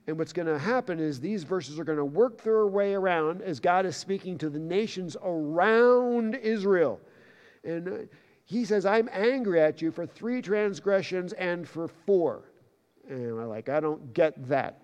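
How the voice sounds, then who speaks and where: A man preaching a sermon as pastor, shifting between conversational asides and loud, emphatic bursts when he reads scripture. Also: fairly high pitch. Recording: long hall reverb.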